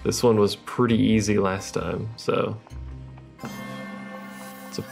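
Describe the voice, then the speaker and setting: A man's voice: fairly low pitch, little pitch movement, slow, creaky, darkish tone, soft background music. A man giving casual, wry commentary on his gameplay and reading the game's text aloud. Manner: wry, reads game text aloud between remarks. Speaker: let's play host.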